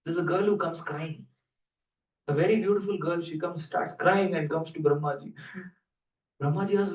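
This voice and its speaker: A male preacher tells scripture stories with humor, teasing his listeners between points. His voice sits fairly high and carries through a large echoing temple hall from a distance. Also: normal speed, long pauses, darkish tone, dull audio. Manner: humorous, playful asides to the audience. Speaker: preacher giving a scripture class. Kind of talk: sermon storytelling.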